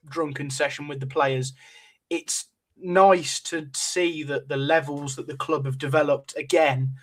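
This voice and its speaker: A man in casual podcast chat with a slightly higher voice, keen and upbeat, with small "um" pauses between his thoughts. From England. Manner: enthusiastic, hesitant with "um". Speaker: podcast panelist.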